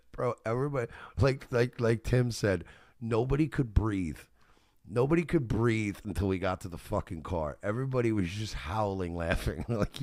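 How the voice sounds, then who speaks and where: A male radio host telling a story in casual talk, animated, laughing often and swearing. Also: mid-range voice, no echo, studio quality.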